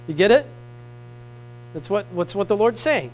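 A man preaching a sermon, reading scripture in old biblical wording and swinging between emphatic swells and hushed passages. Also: high-pitched, big pitch swings, normal speed, pauses often, rough recording. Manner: reads scripture in King James wording. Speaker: pastor.

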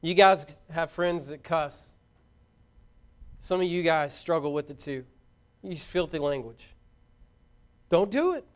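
A middle-aged man preaching a sermon to young people, fervent and shouting out his exhortations. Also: a little high, expressive, unhurried, long pauses.

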